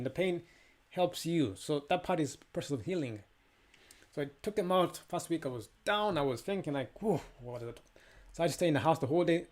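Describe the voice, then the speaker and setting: A young adult man speaks in a fairly high voice, recounting a personal experience as a motivational speaker. His delivery is animated, with sudden jumps in pitch and loudness, and he slips into other people's voices when he quotes them. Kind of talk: personal testimony monologue.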